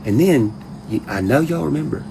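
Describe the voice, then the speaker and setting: A man telling a rambling, profane story to his audience, mocking others in high put-on voices and laughing often. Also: animated, moderate pace, gravelly, noisy background. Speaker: online commentator ranting to his audience. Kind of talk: casual profane rant.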